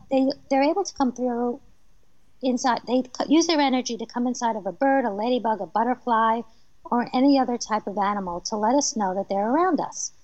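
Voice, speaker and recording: A woman from New Jersey, a medium and author, telling lively personal stories as a guest in a radio interview, laughing often. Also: fairly high pitch, no echo, lo-fi sound. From New Jersey, USA.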